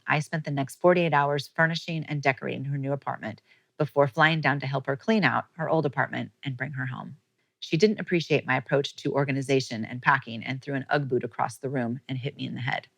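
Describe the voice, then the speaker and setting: Creaky-voiced woman telling a personal story. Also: rumbling low, no echo, low-quality recording. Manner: heartfelt, emotional at moments. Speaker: podcast host.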